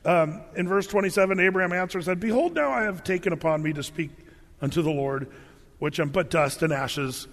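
Man, pastor, high voice, sermon, playful scripture reading, long hall reverb. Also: a little fast. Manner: animated, acts out biblical figures with humor.

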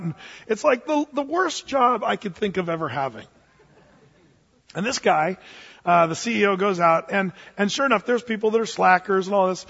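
A man preaching a sermon, telling anecdotes in a lively way and acting out the voices of people in them. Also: high-pitched. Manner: animated, acts out voices in his stories. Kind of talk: storytelling sermon. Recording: muffled sound with long reverb.

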